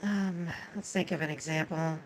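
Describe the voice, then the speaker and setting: A woman's voice: deep voice, steady tone, normal speed, poor audio. A woman whose first language is Japanese, giving chatty, swearing commentary on a game and talking to her chat. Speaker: streamer.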